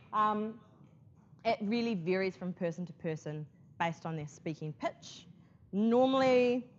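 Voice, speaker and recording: Nz lady teacher chatting through a lesson, lowish voice, kinda muffled classroom recording. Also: a little hiss or hum. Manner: chatty, frequent "okay?" check-ins. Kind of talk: classroom lesson on presentation skills.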